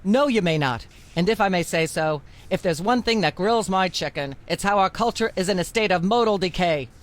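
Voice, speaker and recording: A woman's voice: fairly low pitch, lively intonation, fairly quick, natural voice. A woman voicing a bossy, prim middle-aged talk show host in a video game. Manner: prim, scolding, droning on. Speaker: game character.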